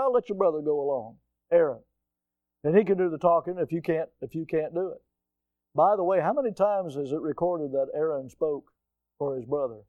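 A middle-aged male pastor preaching a sermon, emphatic, swinging from loud rising asides to low earnest stresses and calling his listeners folks. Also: no echo. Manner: addresses listeners directly as folks.

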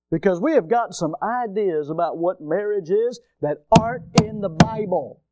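A man with a high, ringing voice preaching to his church, his delivery swinging from loud, pointed bursts to hushed asides. He fires rhetorical questions at the congregation. The sound is close and dry, with little room echo. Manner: emphatic preaching with rhetorical questions and sudden rises and drops in loudness. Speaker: pastor. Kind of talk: sermon.

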